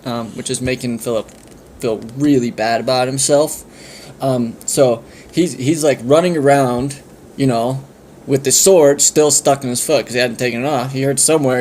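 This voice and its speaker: A man's voice: medium pitch, darkish tone, a little hiss or hum. Man rambling through an improvised story. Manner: rambling, full of fillers and restarts.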